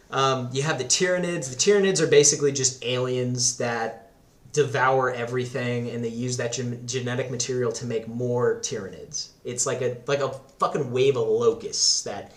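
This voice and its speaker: A man's voice: medium pitch, fairly even intonation, moderate pace, sharp tone. A man chatting as a podcast guest, rambling and profane, laughing often. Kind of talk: casual chat. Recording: roomy echo.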